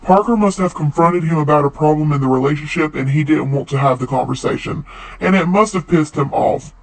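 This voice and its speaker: A man hosting a commentary channel, reading scripted narration in a measured, analytical way. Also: fairly high pitch, poor audio.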